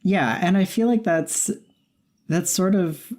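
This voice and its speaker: A woman co-hosting a podcast, chatting casually in a matter-of-fact way, often chiming in with quick agreement. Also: lowish voice, a little mellow. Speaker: podcast co-host. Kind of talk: casual chat.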